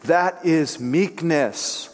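A man preaching a sermon, telling stories with animation and dropping to a hushed voice for emphasis. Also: on the high side, drawn-out words. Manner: animated storytelling, drops to hushed tones for emphasis. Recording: long hall reverb.

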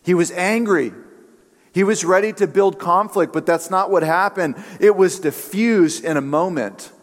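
A man's voice: high-pitched, a little slow. Man preaching in a reverberant hall. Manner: conversational preaching with storytelling and fillers. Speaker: pastor. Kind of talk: sermon.

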